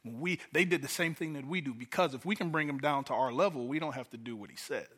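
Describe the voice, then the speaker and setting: Bright-voiced conversational pastor. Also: male voice, mid-range voice, fast, breathy edge. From Detroit, USA. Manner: conversational, repeats words when starting a thought. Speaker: guest pastor. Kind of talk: sermon.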